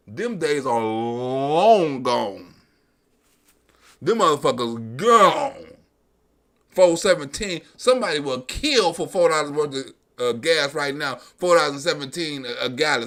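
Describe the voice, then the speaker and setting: A livestream host with a high, fairly bright voice launches into a profane, mocking comedic rant on politics, speaking straight to his audience.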